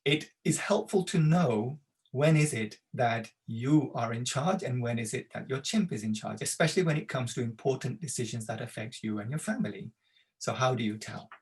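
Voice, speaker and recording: A man's voice: mid-range voice, moderate pace. A male tutor giving a conversational slide talk to parents, explaining with the odd filler. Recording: voice from a distance from the mic.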